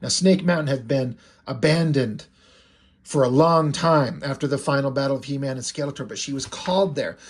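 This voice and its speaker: A man's voice: medium pitch, normal speed. A man casually recapping the story of his own fan comic in a rambling, loose way.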